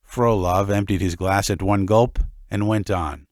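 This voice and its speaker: Slow, unhurried male storyteller. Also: fairly low pitch, steady tone, no echo, studio quality. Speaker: audiobook narrator. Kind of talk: scripted narration.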